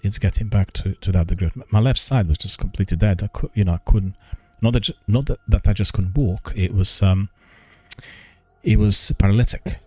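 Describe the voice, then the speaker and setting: Older male streamer, deep voice, halting formal delivery, dry close sound. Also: darkish tone, breathy edge, dry recording. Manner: slow, halting, many ums and restarts; careful, formal enunciation. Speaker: gaming news streamer. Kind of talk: casual live-stream chat.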